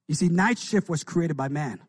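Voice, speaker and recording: Husky preacher man, fervent and rising. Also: on the high side, moderate pace. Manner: call-and-response preaching, shouting "come on". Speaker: pastor. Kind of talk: sermon.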